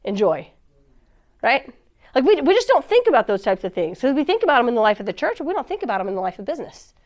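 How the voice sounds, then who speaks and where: Woman speaker for a church talk, high-ish voice, casual and laughing, acts out her stories. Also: sing-song, rapid-fire, a little mellow. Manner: chatty, laughs often, acts out quoted dialogue.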